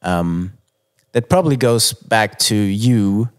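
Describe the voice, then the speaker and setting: A man's voice: on the low side, expressive, slow, smooth. A man hosting a casual interview, conversational and supportive as he asks follow-up questions. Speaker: podcast host.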